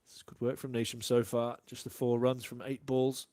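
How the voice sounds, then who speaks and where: Relaxed male cricket co-commentator. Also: mid-range voice, normal speed, dry recording. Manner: relaxed, admiring of good shots. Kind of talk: live cricket commentary and analysis.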